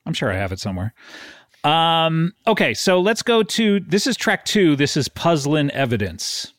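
A man's voice: a little high, big pitch swings, moderate pace, no room sound. A man hosting a casual music podcast, telling stories with lots of fillers. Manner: rambling storyteller, many fillers. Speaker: podcast host.

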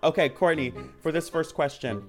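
Very low-voiced teasing woman. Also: moderate pace, soft background music. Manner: teasing, swears freely. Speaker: game judge. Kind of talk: playful party-game banter.

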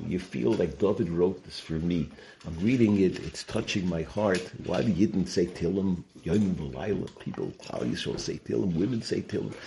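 Deep-voiced man telling Torah stories. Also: vocal fry, dark tone, a little hiss or hum. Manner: storytelling, sprinkles Yiddish and Hebrew terms. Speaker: Torah teacher. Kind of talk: Torah talk with storytelling.

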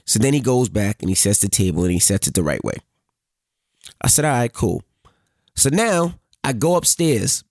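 A man's voice: lowish voice, very animated, moderate pace, a little mellow, no room sound, clean studio sound. A man co-hosting a podcast, casually telling a family story and swearing freely. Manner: storytelling, acts out quoted dialogue, swears freely. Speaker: podcast co-host. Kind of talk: casual chat.

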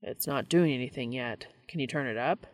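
A woman's voice: a bass voice, brisk, dry recording, studio quality, voice pushed down. A woman reading aloud, voicing a plainspoken man who talks in a casual, wisecracking way.

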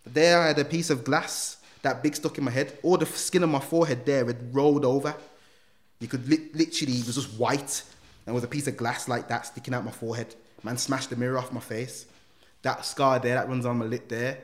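Animated man telling his story. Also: mid-range voice, a little fast. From England. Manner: street slang, animated retelling with acted quotes. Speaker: guest, reformed gang member. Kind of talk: casual storytelling interview.

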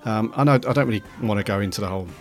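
A man hosting a podcast, talking in a relaxed, friendly way and thanking listeners. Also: lowish voice, rapid-fire, soft background music. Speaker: podcast host and founder. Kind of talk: casual chat.

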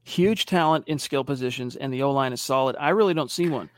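A medium-pitched man speaking fairly quickly co-hosts a laid-back sports podcast. He reads out comments from the live chat and tells stories in an animated way, acting out the quotes.

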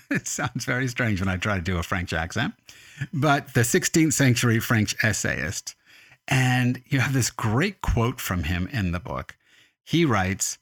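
Give me a thoughtful male interviewer with a low voice and a dry sound. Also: expressive, a bit bright, no room sound. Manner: thoughtful, unhurried, reads quotes aloud. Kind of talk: radio interview.

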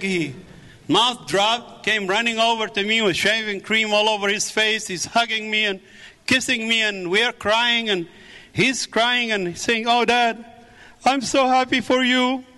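A man's voice: sits high, measured pace, pushed and bright. A middle-aged man from the Middle East giving a fervent preached testimony in a church. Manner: fervent, repeats praise.

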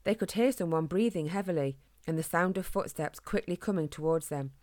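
Woman, storybook narrator, calm, gentle, lowish voice, dry close sound. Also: a little fast, dry recording. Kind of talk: storybook reading.

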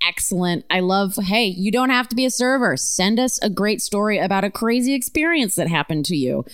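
Podcast woman, smooth clear voice, upbeat, praising the stories. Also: medium pitch, animated, fairly quick, dry recording, studio quality. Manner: warmly praises submissions, upbeat. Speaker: podcast co-host. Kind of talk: casual chat.

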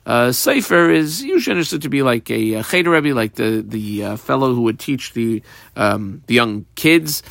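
A man's voice: mid-range voice, very animated, creaky, a bit bright, dry recording, studio quality. A man teaching a Talmud class, reading the text and explaining it step by step with frequent fillers and restarts. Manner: halting, with many fillers and restarts, mixing Hebrew and Aramaic terms.

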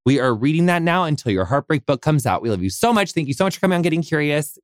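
A man's voice: on the high side, sing-song, fast talker, dry recording, clean studio sound. Gushing American man hosting a podcast. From United States. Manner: effusive, gushing, heavy filler "like", casual swearing. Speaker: podcast host. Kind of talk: casual interview chat.

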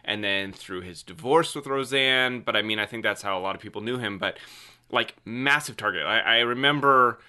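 Bright-voiced excitable podcast host man. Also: lowish voice, normal speed, smooth. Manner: loose, excitable, heavy use of "like". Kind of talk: casual podcast chat.

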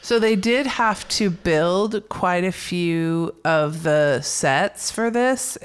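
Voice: mid-range voice, slow pace, clear, resonant tone. A podcast co-host chatting about a film, telling anecdotes and acting out quoted lines. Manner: animated storyteller, acts out quoted lines. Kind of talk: casual film discussion.

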